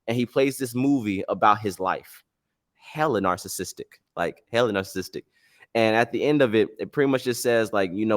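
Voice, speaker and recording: A man's voice: on the low side, brisk, no echo, clean studio sound. Slangy, rambling male podcast storyteller. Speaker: podcast host.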